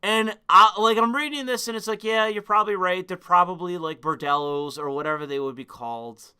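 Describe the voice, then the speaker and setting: Young guy ranting on a stream, crude and all over the place, high and really bright voice. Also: fairly quick, clean tone. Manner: crude, rambling, excitable outbursts. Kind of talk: casual stream commentary.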